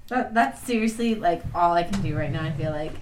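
A woman playing in a tabletop game, animated and giggly, often shouting her character's lines. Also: lowish voice, fairly quick, noisy background. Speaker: player.

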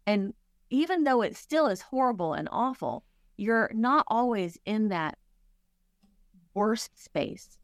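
A woman's voice: on the high side, lively intonation, slow, long pauses, no echo, studio quality. A middle-aged woman, a grief counselor, speaking candidly and earnestly in a conversational interview, acting out her own past thoughts as she talks.

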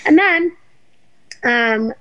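A woman guest telling a story in a casual interview, animated and swearing, acting out what people said. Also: a little high, drawn-out words, clean tone, dull audio. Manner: animated, swearing, acts out quotes. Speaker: guest, former reality show contestant.

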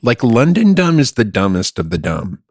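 A man's voice: mid-range voice, big pitch swings, normal speed, a little mellow, husky, no room sound, studio quality. A man co-hosting a podcast, riffing with goofy, crude humor in casual chat. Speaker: podcast co-host.

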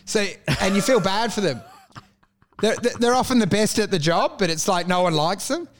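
A man's voice: high-pitched, expressive, normal speed, slight background noise. A man, rambling and swearing as he tells stories in casual banter. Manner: rambling storyteller, swearing, laughing.

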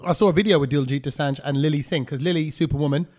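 High-voiced joking man. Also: racing, darkish tone. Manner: joking, emphatic and opinionated. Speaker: podcast co-host. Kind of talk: casual podcast chat.

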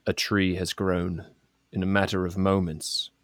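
A man's voice: low-pitched, flat delivery, unhurried, no echo, studio quality. A man playing an earnest male adventurer in a tabletop role-play, speaking in a solemn, formal way as he explains things.

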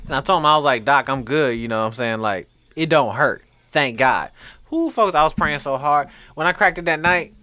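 Animated man telling a story. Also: on the high side, normal speed, no room sound. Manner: animated, slangy, laughs while telling stories. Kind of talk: casual chat, storytelling.

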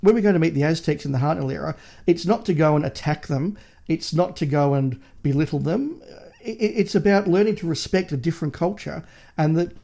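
A man's voice: a little high, a little fast, gravelly, dark tone. A man co-hosting a podcast, reviewing in casual chat with a passionate, opinionated ranting manner. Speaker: podcast co-host.

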